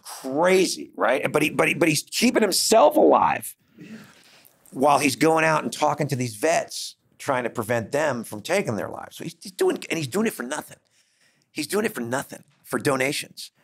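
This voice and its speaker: A middle-aged man hosting a podcast, telling a story in a casual, animated way and acting out the dialogue. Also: fairly high pitch, normal speed, gravelly, husky. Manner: animated, acts out dialogue in quotes. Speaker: podcast host. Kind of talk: conversational storytelling.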